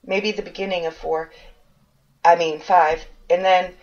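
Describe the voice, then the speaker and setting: A woman's voice: on the low side, steady tone, a little slow. A woman podcast host with a New Hampshire accent, chatting casually and joking at her own expense. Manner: joking, self-mocking, casually swears. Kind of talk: casual chat. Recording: dull lo-fi audio.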